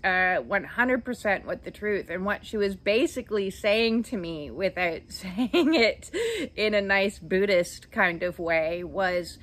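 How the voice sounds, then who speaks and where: A woman in her fifties hosting her own channel, telling her life story in a slow, reflective way with many hesitant "uh" fillers. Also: medium pitch, a bit bright. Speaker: channel host. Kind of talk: personal storytelling monologue.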